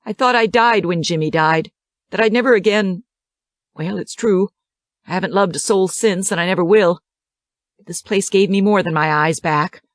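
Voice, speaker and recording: A woman voicing an impudent, quick-witted young teacher. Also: fairly low pitch, dry recording, lightly acted. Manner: wicked, dry, quick-witted.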